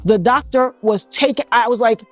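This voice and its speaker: A middle-aged woman from New York City recounting being shot, in an animated, emotional storytelling manner full of restarts. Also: fairly high pitch, normal speed, dry recording, soft background music. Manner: animated, acts out others' voices, frequent restarts. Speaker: interviewee recounting a shooting.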